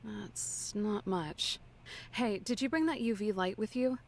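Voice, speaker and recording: An eager, hesitant game character. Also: female voice, mid-range voice, a little slow, gravelly.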